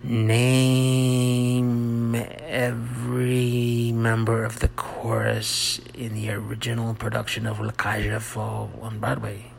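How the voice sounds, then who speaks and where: A middle-aged man hosting a rambling personal monologue, halting and self-mocking, often dropping into soft whispered asides. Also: lowish voice, monotone, creaky, a little hiss or hum. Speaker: monologue host.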